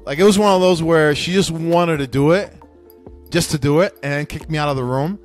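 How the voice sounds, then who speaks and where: A man's voice: a little high, brisk, soft background music. A young man hosting a podcast, telling a candid, profane story with many restarts. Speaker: podcast host. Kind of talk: casual storytelling monologue.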